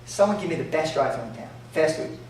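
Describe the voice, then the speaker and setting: Animated New York man, echoey and distant. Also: fairly high pitch, fast. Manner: animated, jokey, acts out dialogue. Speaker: entrepreneur speaker. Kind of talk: storytelling talk to an audience. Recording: echoey room from far off, faint noise.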